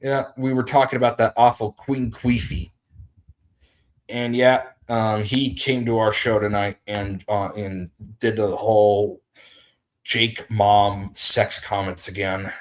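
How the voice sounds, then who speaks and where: Slow-talking man hosting a livestream. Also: lowish voice, fairly even intonation. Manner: rambling, greets viewers. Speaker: livestream host. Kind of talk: casual livestream chat.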